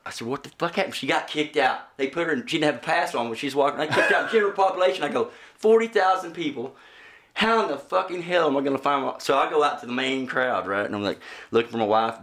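A man's voice: on the high side, fairly bright tone. Laughing, profane man in a roomy space. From Oklahoma. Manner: profane, laughing through his own anecdotes. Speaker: guest musician. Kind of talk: casual storytelling. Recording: roomy echo with faint noise.

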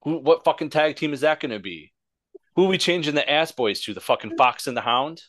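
A man's voice: on the high side, lively intonation, brisk, fairly bright tone, dry recording. Profane ranting male podcast host. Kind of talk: casual wrestling podcast chat.

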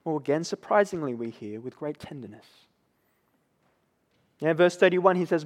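A man's voice: a little high, expressive, normal speed, pauses often. A man preaching a sermon who keeps checking in with his listeners by asking "right?". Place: church. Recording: long echo of a church hall.

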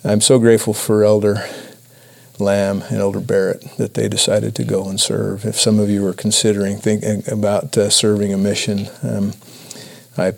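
Man from Idaho, low gravelly voice, earnest, halting, sharing testimony with a congregation. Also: level tone, a little mellow. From Idaho, USA. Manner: earnest, halting, many restarts. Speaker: church speaker. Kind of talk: personal testimony talk.

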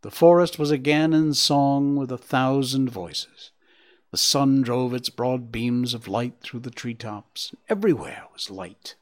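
A man narrating a storybook in an expressive, measured way. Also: mid-range voice.

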